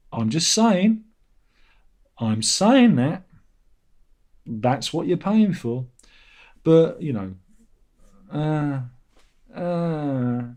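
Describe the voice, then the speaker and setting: A middle-aged man, hosting a casual livestream chat in a sardonic, grumbling way. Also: a little mellow. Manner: sardonic, grumbling, mocks commenters in a high whiny voice. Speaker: channel host.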